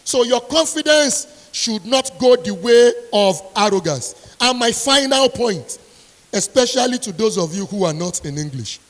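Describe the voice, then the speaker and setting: A woman's voice: on the high side, animated, measured pace. A woman university lecturer giving an emphatic motivational speech to an audience, repeating her key lines sternly. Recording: long hall reverb.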